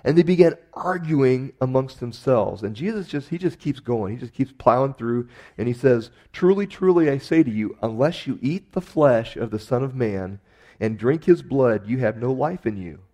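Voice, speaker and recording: Man preaching, mellow emphatic delivery. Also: mid-range voice, expressive, moderate pace. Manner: conversational preaching with emphatic rises. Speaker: pastor. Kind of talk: sermon.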